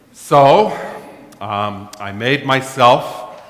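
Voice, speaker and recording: Animated pastor preaching in a hall. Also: male voice, mid-range voice, very slow, pauses often, a faint crowd. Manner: storytelling, self-mocking, animated. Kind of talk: sermon. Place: church. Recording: echoey church hall.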